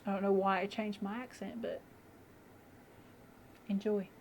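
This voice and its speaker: A woman's voice: mid-range voice, flat delivery, unhurried, a little hiss or hum. Chatty young woman doing her makeup. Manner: chatty, rambling, with many fillers. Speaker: makeup vlogger. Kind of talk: casual get-ready-with-me chat.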